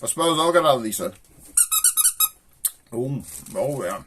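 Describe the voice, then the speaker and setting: A man's voice: medium pitch, expressive, unhurried, background noise. An older man rambling through jokes and stories in a chatty, self-amused way. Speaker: joke teller. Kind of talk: casual storytelling monologue.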